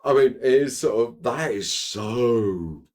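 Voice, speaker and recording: A man's voice: mid-range voice, lively intonation, slow pace, a little mellow. A man co-hosting a casual chat, rambling and piling on filler phrases. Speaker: co-host.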